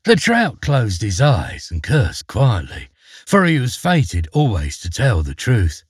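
A man narrating a fairy tale with dramatic, expressive delivery. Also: on the low side, unhurried, slightly rough, no room sound, clean studio sound. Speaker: storyteller. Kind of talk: storybook narration.

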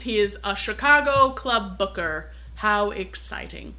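A woman's voice: mid-range voice, lively intonation, a little slow, few pauses, pushed and bright, faint music behind. A woman co-hosting a podcast, casually retelling a film's plot, swearing freely and acting out the characters' lines. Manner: swears freely, acts out quotes. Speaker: podcast co-host. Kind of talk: casual chat retelling a film.

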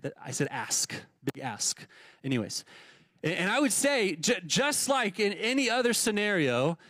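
Conversational pastor preaching, dry close sound. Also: male voice, high voice, no echo. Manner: conversational, asks "right?" often, restarts words. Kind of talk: sermon. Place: church sanctuary.

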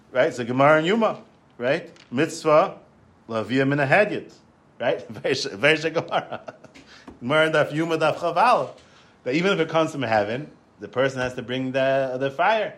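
A man giving a Torah lecture, telling stories in an animated way, often repeating words and restarting. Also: mid-range voice, normal speed. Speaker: Torah class teacher.

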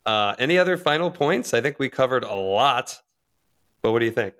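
Male podcast host, relaxed, laughs easily, closing out the episode. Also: mid-range voice, brisk. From United States. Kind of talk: casual podcast discussion.

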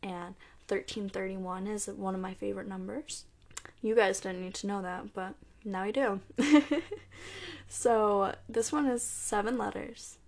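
A woman's voice: mid-range voice, fairly even intonation, normal speed, vocal fry, darkish tone. A woman who is losing her voice, chatting casually as a podcast host and reading her own poems aloud. She is self-deprecating and often trips over her words.

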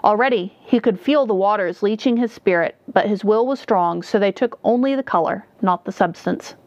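A woman narrating a dark fantasy story in a measured storytelling manner. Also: medium pitch, no echo. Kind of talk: audiobook narration. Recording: dull, dry recording.

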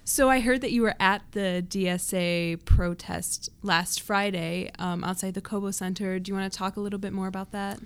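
A woman's voice: medium pitch, fairly even intonation, moderate pace, few pauses, smooth. A woman hosts a weekly news podcast in a mid-range voice. She chats in a casual, upbeat way and asks her guests questions. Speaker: host and reporter. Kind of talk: casual news show hosting.

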